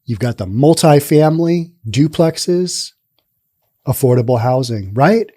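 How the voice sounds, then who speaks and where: A man's voice: mid-range voice, expressive, a little slow, warm tone. A man hosting a news commentary show, talking casually and rambling with sarcastic asides.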